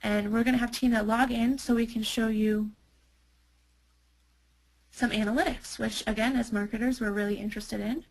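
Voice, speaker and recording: A woman runs through a business software demo in a webinar. She talks in a chatty way, with plenty of ums and restarts. Her fairly high voice has a gravelly, fry-tinged edge. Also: fairly even intonation, moderate pace, pauses often, poor audio. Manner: chatty, many fillers and restarts. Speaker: marketing presenter.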